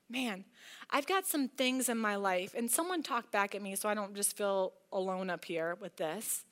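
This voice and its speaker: A woman in her thirties preaching to a women's church meeting, telling a family story with animated quoted voices. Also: medium pitch, measured pace. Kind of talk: sermon with personal story.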